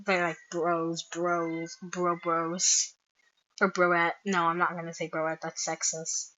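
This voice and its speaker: A woman reading a fan comic aloud and reacting, excitable and quick to squeal and laugh. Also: fairly low pitch, dry recording. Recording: slightly dull lo-fi mic.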